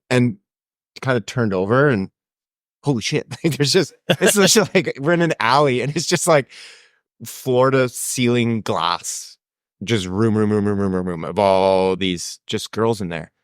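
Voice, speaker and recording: A young man co-hosting a podcast, telling a travel story in a casual, animated way and acting out the voices of people in it. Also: medium pitch, dry recording, studio quality. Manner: animated storyteller, acts out quoted voices, laughs often. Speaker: podcast co-host.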